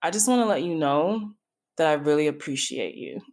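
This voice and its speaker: A middle-aged woman with a low, slightly mellow voice and lively intonation talks at normal speed on her solo podcast. A coach as well as host, she speaks candidly and confidingly straight to listeners in a reflective way.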